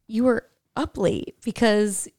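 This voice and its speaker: A woman's voice: a little high, takes it slowly, darkish tone. A woman from Indiana, a podcast guest, telling stories in a chatty, rambling way with lots of filler words and frequent laughter. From Indiana, USA. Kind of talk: casual interview chat.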